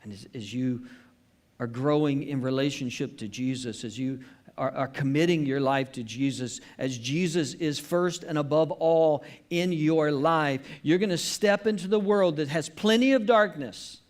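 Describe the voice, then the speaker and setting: A man's voice: a little high, normal speed. A man preaching a sermon as pastor at a church service, earnest and emphatic, repeating his key phrases.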